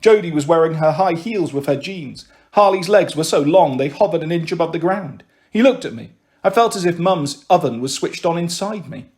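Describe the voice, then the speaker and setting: A man narrating a children's novel in steady, clear storytelling. His voice sits high for a man. The reading is paced evenly. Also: moderate pace. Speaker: audiobook reader.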